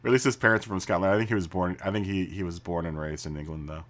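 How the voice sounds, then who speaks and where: A man's voice: low voice, fairly even intonation, racing, a bit bright. A man live streaming a racing game, chatting casually with viewers, laughing often and restarting his sentences. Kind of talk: casual chat while gaming. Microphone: studio mic through mixer.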